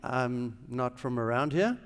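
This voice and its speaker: A man with a South African accent tells his life story to a chapel audience, now quiet and now suddenly loud as the story builds. His voice rings with a long reverb from the large auditorium. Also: mid-range voice, a little slow, clear, resonant tone. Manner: animated storytelling with sudden shifts in loudness. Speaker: guest speaker, business leader. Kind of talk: chapel talk, personal testimony.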